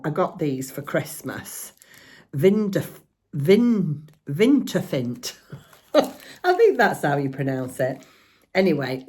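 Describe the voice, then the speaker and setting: A woman's voice: on the low side, slightly rough. An older woman and grandmother chatting casually on her vlog, showing off a shopping haul, giggly and teasing. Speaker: crafting vlogger.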